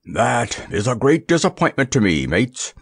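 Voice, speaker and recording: A gruff, blustering old pirate captain from a storybook, as a man acts him out, with a gravelly rasp and slow, swaggering speech. The reading is dry and close to the mic. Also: medium pitch, sing-song, no room sound, exaggerated voice. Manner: gruff, blustering sea talk.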